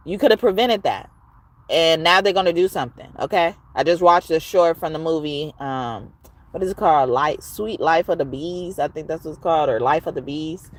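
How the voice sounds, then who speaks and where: A woman giving a casual, expressive tarot reading, at times reciting rhymes. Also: low voice. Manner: expressive, chatty, rhyming recital. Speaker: tarot reader.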